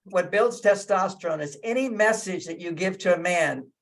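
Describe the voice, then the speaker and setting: Picture a man with a high, bright-sitting voice giving relationship advice over a video call. He is emphatic and drives points home by repeating key phrases. He slips into little acted-out lines of what a partner might say. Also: moderate pace. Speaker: relationship speaker. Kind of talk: lecturing guest speaker.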